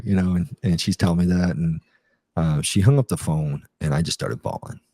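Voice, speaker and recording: A man's voice: deep voice, moderate pace, mellow, breathy edge. A middle-aged man, a retired army captain, telling his story in a casual interview, rambling with many fillers and restarts.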